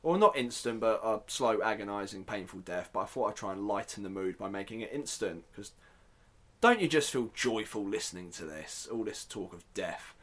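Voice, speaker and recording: Chatty man, low voice. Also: animated, moderate pace, a bit bright. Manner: chatty, self-deprecating, joking asides. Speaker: podcast host. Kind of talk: casual solo podcast talk.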